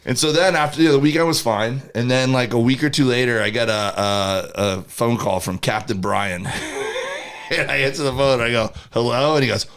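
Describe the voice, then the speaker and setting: A man's voice: mid-range voice, fairly quick, a bit bright. A young man co-hosting a podcast, telling a rambling story in casual chat and acting out the people in it. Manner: rambling storyteller, acts out quoted voices. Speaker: podcast co-host.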